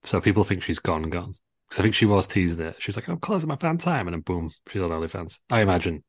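Guy rattling on about wrestling, deep voice, jokey, dry mic. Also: fairly even intonation, no echo. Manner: quick, chatty and jokey. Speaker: podcast co-host. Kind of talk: casual wrestling chat.

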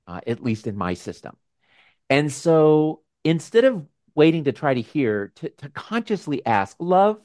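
A man hosting a casual video call with his members, talking in a gentle, musing way with frequent restarts. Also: mid-range voice, dry recording, clean studio sound. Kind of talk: casual reflective talk.

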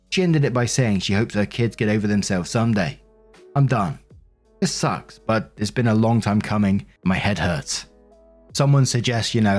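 Low-voiced man narrating online stories. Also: a little mellow. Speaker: story narrator. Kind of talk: scripted narration of online posts.

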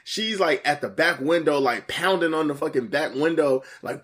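A man casually telling a story in slang, animated, jumping to a higher voice when he quotes people. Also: fast, breathy edge.

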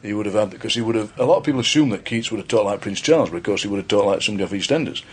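A man's voice: lowish voice, rapid-fire, slightly rough. A man who is a poet, chatting casually as a podcast guest, rambling and joking with lots of restarts.

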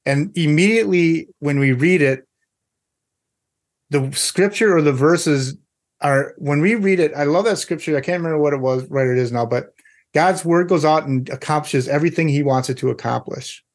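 A man's voice: fairly high pitch, normal speed. A man co-hosting a podcast, speaking earnestly about faith and scripture. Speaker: podcast co-host. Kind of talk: casual faith talk.

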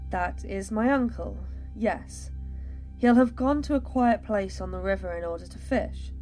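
A woman's voice: medium pitch, measured pace, a little mellow, soft background music, natural voice. A woman voicing a wary young male elf noble in disguise, with a hesitant, drawling way of talking. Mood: earnest.

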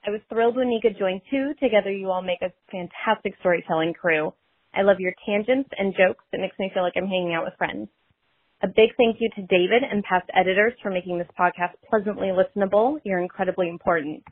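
A woman leaving a recorded fan message for a podcast, reading it in an earnest, steady way. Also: medium pitch, fast, breathy edge, no room sound. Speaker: listener sending a message. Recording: tinny phone-quality voice message.

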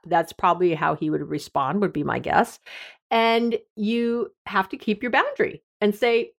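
A woman's voice: fairly high pitch, big pitch swings, normal speed. A middle-aged woman, a therapist hosting an advice podcast, talking candidly in a conversational, self-deprecating way.

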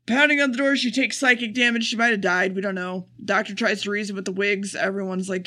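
A man with a high, bright voice on a casual podcast. He runs through a plot recap in a sarcastic, profane way and drops deadpan asides. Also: fast, hardly any pauses. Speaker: podcast co-host.

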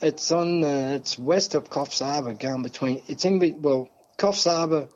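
A man's voice: a little high, a little slow, a little mellow. Australian man, casual yarn-spinner who swears freely, recorded on dull, muffled audio. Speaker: podcast guest. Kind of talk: casual storytelling.

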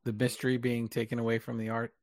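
رجل بصوت متوسط يعلّق بتأمل. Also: male voice, medium pitch, monotone, quick pace, dry recording, studio quality. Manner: reflective, explains his take on scenes. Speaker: podcast co-host. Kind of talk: casual podcast discussion.

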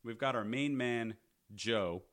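A man's voice: mid-range voice, slow. A man hosting a podcast, casually recapping a movie with sardonic, profane storytelling. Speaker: podcast host.

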